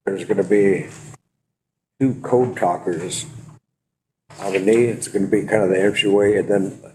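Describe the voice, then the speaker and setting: A man on a tribal council explaining an agenda item at a meeting, halting and restarting as he goes. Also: on the low side, steady tone, dark tone, a little hiss or hum, low-quality recording. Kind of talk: meeting discussion.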